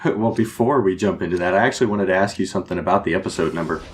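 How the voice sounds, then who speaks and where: Male co-host, lower voice, giggly and needling. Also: rapid-fire. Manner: laughs often, needling. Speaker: podcast co-host. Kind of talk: casual podcast chat.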